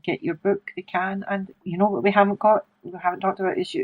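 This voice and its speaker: A woman's voice: medium pitch, level tone, quick pace, narrow, tinny audio. A woman hosting a casual podcast interview, chatty and playful, laughing often and playing with words. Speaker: podcast host.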